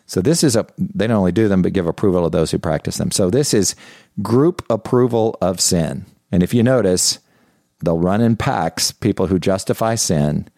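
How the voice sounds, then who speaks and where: A man's voice: low voice, dark tone, no echo, studio quality. A middle-aged male pastor preaching a sermon in an earnest, confessional way, often repeating and restarting phrases.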